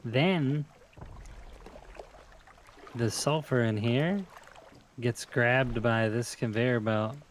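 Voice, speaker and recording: A man's voice: medium pitch, drawn-out words, long pauses. A man streaming a game, telling stories to his friend and explaining his setup to viewers in a laid-back way. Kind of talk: casual gaming stream chat.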